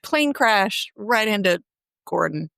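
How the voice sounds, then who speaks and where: A woman guest on a podcast, chatting casually about a TV episode with quick joking asides and short agreeing replies. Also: mid-range voice, expressive, vocal fry, fairly bright tone, no room sound, clean studio sound. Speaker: guest co-host. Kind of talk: casual recap chat.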